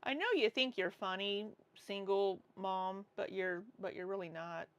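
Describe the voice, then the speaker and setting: A woman's voice: medium pitch, fairly even intonation, measured pace, a bit bright, smooth, no echo, dull audio. A woman hosting a casual reaction livestream, talking bluntly and sarcastically and swearing freely. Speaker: livestream commentary host.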